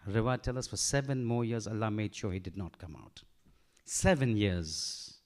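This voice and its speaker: A man giving a sermon, telling a story with lively acted-out dialogue and Urdu phrases mixed in. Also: on the low side, moderate pace. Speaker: preacher.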